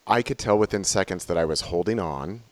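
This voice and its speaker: A man's voice: low voice, brisk. A man who works as a psychedelic facilitator, earnestly and openly recounting personal experiences in conversation. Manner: earnest, emotionally open recounting.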